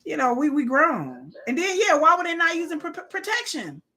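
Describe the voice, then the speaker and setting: A woman's voice: high voice, big pitch swings, a little fast, pushed and bright. A woman hosting a live watch party of a reality show, giving blunt, profane, opinionated commentary straight to her viewers. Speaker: live-stream host.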